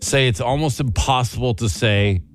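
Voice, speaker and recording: A man's voice: mid-range voice, normal speed, soft background music. A man co-hosting a radio morning show, telling stories in easy studio banter and laughing often. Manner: chatty storyteller, laughs easily.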